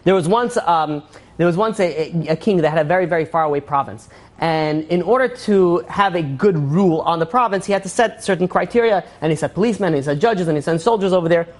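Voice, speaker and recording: A man teaches a relaxed religious class, racing through parables about kings and diamonds in a loose, rambling way. He is packed with fillers and restarts, and he slips into quick voices for the characters. His delivery is brisk and chatty, not polished. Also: on the high side. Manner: rambling storyteller, many fillers, acts out quotes. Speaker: rabbi. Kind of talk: informal Torah class.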